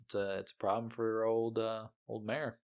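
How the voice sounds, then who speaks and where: A man's voice: on the low side, little pitch movement, moderate pace. A man co-hosting a podcast, chatting casually about a book, laid-back and hesitant, often searching for words. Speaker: podcast co-host.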